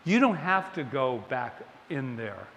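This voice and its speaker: A man giving a sermon as a minister, telling a story in an animated, playful way. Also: mid-range voice, unhurried, a little hiss or hum. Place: spiritual center sanctuary. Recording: long hall reverb, faint ambience.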